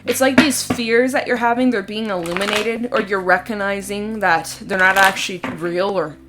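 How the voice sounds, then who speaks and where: A woman giving a casual tarot reading in a chatty, expressive way, sometimes giggling and swearing casually. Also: mid-range voice, moderate pace. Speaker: tarot reader. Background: soft background music.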